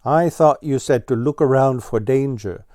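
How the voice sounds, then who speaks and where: A man doing a loud cheeky blue jay. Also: mid-range voice, normal speed, dry recording, studio quality, voice pushed up, natural voice. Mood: teasing. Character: brash teasing male blue jay bird.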